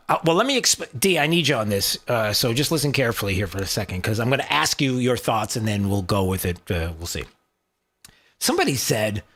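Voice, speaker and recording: Animated, joking male radio host. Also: mid-range voice. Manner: rambling, joking, lots of restarts. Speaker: radio talk show host. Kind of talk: casual talk radio chat. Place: radio studio.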